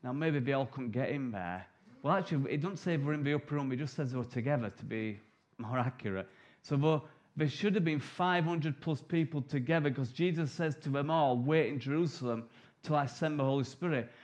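A middle-aged man preaching a sermon, telling the story vividly and acting out the disciples' lines in quick asides. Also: medium pitch, a little mellow, lo-fi sound.

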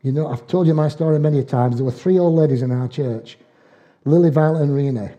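A man's voice: fairly high pitch, fairly quick, dark tone, highs cut off. An older man preaching a sermon, telling homely stories in dialect with chuckles along the way. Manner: folksy storytelling with dialect and chuckles.

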